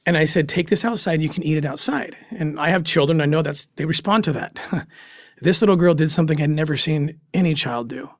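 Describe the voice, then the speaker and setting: A man, a former special agent, telling a personal story as a guest in an interview, earnest and emotional, with pauses and restarts. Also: on the high side, dry recording, clean studio sound.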